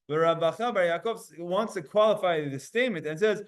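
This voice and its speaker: A man teaching a Talmud class to students, animated and explaining with spoken demonstrations of sounds. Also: high-pitched, a little fast, few pauses. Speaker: Torah teacher.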